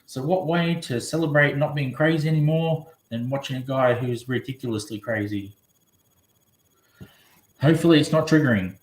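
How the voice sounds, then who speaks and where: A man from Australia talks casually on a live stream, rambling from one thought to the next as he answers viewers' comments. His voice sits at a middle pitch, and the room around him is echoey. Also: normal speed. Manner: rambling, chatty, reading comments aloud.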